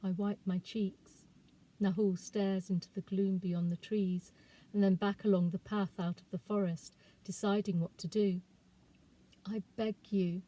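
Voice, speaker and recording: A woman, a children's author, reading aloud from her novel in a calm, expressive storytelling voice. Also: medium pitch, a little slow, low-quality recording.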